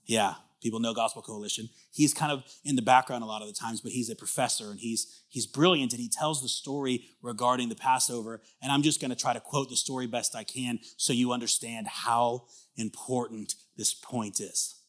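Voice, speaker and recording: A man preaching a sermon as a pastor, conversational and animated, with frequent restarts and emphatic rises. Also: mid-range voice, brisk, few pauses.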